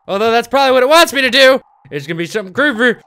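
A young man commentating his play of a horror game, jumpy and yelling whenever he is startled. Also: very high voice, lively intonation, rapid-fire, clear, resonant tone. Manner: jumpy, shouting and screaming when startled. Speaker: gamer.

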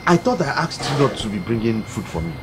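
A man's voice: mid-range voice, big pitch swings, fast, noisy background, natural voice. An actor with a Nigerian accent playing a married man who scolds a woman bringing him food. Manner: exasperated, scolding. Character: married working man rebuffing an admirer. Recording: film scene with background music.

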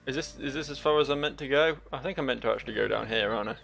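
Guy doing let's play commentary, jokey and sweary, gravelly voice, bit of game music. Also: medium pitch, racing, a bit bright. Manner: joking, sweary, laughing often. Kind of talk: gameplay commentary.

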